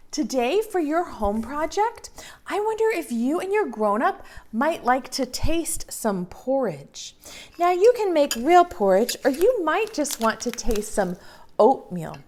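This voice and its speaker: A young preschool teacher reads a story aloud, speaking gently to small children in a sing-song manner. Her voice is a little high.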